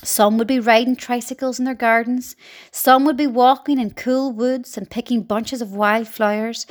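A woman reading a children's storybook aloud in an expressive, dramatic way. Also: fairly high pitch.

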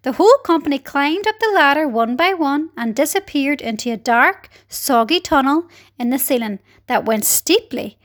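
A woman narrating a children's storybook aloud in an animated, dramatic way. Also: high-pitched, normal speed. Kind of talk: expressive storybook reading.

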